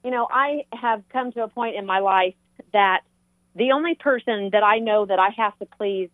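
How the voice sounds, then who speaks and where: An older woman with a Southern US accent, sharing animated faith testimony on a talk show. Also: mid-range voice, moderate pace, no echo. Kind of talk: Christian talk show chat. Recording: tinny phone-like line.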